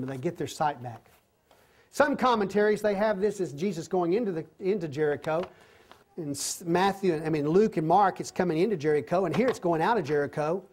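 Guy leading bible study, kinda high voice, keeps hammering the same phrases, lively. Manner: animated retelling with repeated emphatic phrases; softer, slower closing prayer.

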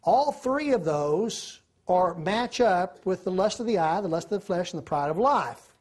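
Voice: medium pitch, lively intonation, a little slow, darkish tone, breathy edge. A preacher, giving a sermon, telling stories and asking the listeners questions. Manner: storytelling, asks the listeners questions.

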